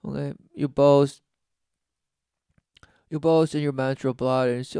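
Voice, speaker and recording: A man's voice: mid-range voice, fairly even intonation, slow, long pauses, warm tone, clear, resonant tone, dry recording, clean studio sound. A man giving preaching commentary, reading passages aloud and answering them with sarcastic, mocking remarks. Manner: reads study text aloud, then scoffs.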